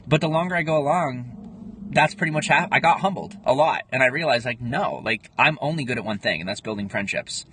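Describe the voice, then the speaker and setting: A man's voice: mid-range voice, a little fast, bright, forceful tone. Young male streamer, casual rambling chat, phone mic, faint hiss behind. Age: 20s. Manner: rambling, answers viewer comments. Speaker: livestream host. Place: home livestream, in Pennsylvania.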